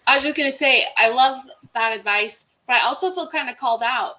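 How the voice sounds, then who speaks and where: A woman's voice: high voice, a little fast, pushed and bright. A woman taking part in a casual book club discussion, playful and self-mocking.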